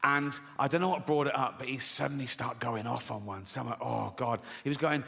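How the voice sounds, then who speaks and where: A man's voice: medium pitch, brisk, vocal fry, hardly any pauses, bright, forceful tone. A British man doing stand-up comedy, brash and profane, often chuckling at his own jokes. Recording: long hall reverb, faint noise.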